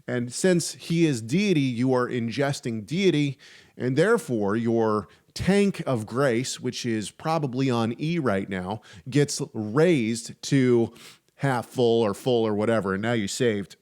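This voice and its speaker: A man's voice: mid-range voice, expressive, slow pace, darkish tone. A man hosting a podcast, discussing theology casually with frequent restarts and wry humor. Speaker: podcast host.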